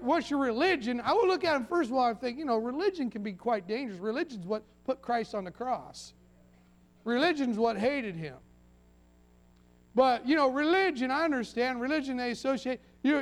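Man, pastor, high voice, folksy sermon, acted-out quotes, restarts.

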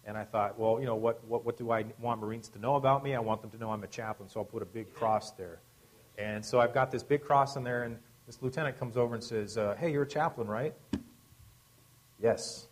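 A man who serves as a military chaplain, telling a personal story conversationally, with wry humor and a voice that drops to a hush at emotional moments. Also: mid-range voice, fairly even intonation, quick pace, low-quality recording. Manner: wry, self-deprecating humor.

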